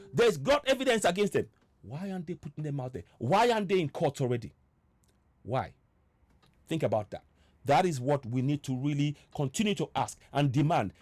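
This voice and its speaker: A man's voice: a little high, a little mellow, no room sound. A man hosting an online political commentary show, impassioned and repetitive, often stumbling and restarting.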